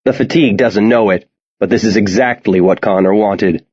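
Male audiobook narrator, low voice, steady tension, lo-fi sound. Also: normal speed, slightly rough. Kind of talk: scripted narration.

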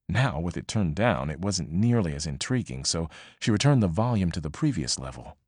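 Lively low-voiced man narrating a novel. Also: husky, no echo, clean studio sound. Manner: measured, expressive reading. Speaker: audiobook narrator. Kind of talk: scripted narration.

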